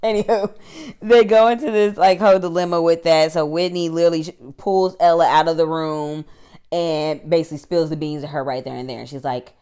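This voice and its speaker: A woman's voice: low-pitched, steady tone, brisk, mellow, clear, resonant tone. A woman recapping a TV episode for her channel in a chatty, slangy way, laughing often. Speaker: YouTube TV reviewer.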